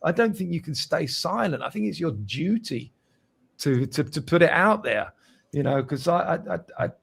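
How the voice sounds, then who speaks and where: Man, musician guest, gravelly voice, somewhat high pitch, earnest, stumbling repeats. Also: animated, moderate pace. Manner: earnest, repeats words while searching for phrasing. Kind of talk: casual interview conversation.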